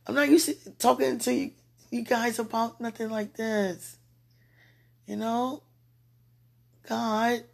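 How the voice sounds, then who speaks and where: A woman's voice: on the high side, vocal fry. A tipsy woman rambling casually to her viewers, giggling and interrupting herself as she talks. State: tipsy from wine. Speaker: live streamer.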